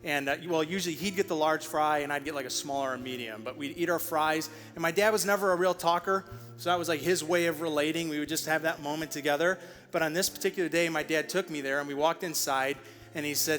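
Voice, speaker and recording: A man's voice: a little high, steady tone, fast, a bit bright, soft background music. A man pastor telling a childhood story to close his sermon, putting on playful voices for quotes. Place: church auditorium. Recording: large church hall with reverb.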